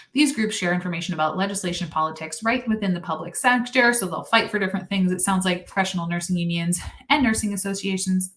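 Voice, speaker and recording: A woman's voice: fairly low pitch, fairly bright tone. A young adult woman, a nurse, hosting a casual livestream chat, chatty and sarcastic with frequent laughs.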